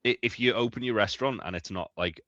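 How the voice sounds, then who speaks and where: A man's voice: lowish voice, quick pace, fairly bright tone, dry recording, highs cut off. A man co-hosting a podcast who rambles through his opinions, swears casually and often restarts words. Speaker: podcast co-host. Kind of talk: casual chat.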